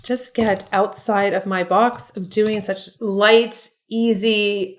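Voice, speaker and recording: A woman's voice: mid-range voice, slow pace, few pauses. A middle-aged woman makeup artist giving a casual makeup tutorial, chatty and encouraging, talking straight to viewers. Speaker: makeup artist and beauty vlogger.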